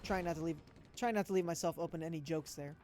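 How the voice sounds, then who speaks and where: A man giving live gameplay commentary and chatting with viewers, reacting loudly to the action and dropping to soft mutters in between. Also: on the high side, quick pace, faint music behind. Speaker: gaming streamer.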